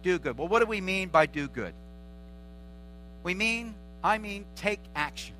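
Earnest bright-voiced male pastor preaching. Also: high-pitched, expressive, unhurried, slight background noise, poor audio. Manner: earnest preaching with repeated short exhortations. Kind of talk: sermon.

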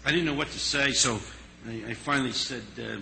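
Gravelly, bright-voiced male storyteller. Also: medium pitch, a little hiss or hum, rough recording. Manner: earnest, dramatic storytelling with pauses. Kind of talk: storytelling sermon.

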